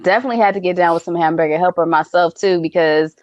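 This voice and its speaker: A woman's voice: fairly low pitch, quick pace, darkish tone, no room sound, lo-fi sound. A young woman co-hosting a podcast, chatting in a laid-back, laughing way and calling people "honey" and "girl". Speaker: podcast co-host. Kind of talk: casual chat.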